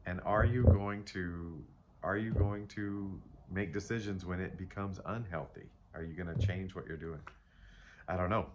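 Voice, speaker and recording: Man, low voice, casual rambling tarot reader talking to camera; faint background noise. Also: normal speed, highs cut off. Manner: rambling, self-interrupting, playful asides. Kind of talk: casual spiritual tarot reading.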